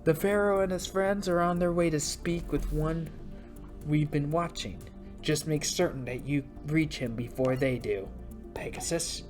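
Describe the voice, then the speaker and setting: An ancient villain mastermind speaks slowly and grandly with quiet menace, as a woman acts him out. The voice is pitched low and deep. Soft music hums behind him. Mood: menacing.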